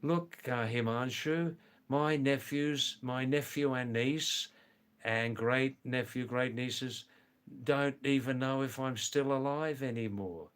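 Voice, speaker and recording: An older man chatting slowly and rambling on a live stream, answering viewers by name. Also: medium pitch, clear, resonant tone. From lives in the Himalayas of northern India. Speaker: livestream host.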